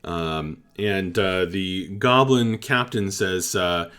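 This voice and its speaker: Male game master, low voice, slow narration with plenty of fillers. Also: fairly bright tone, clear, resonant tone.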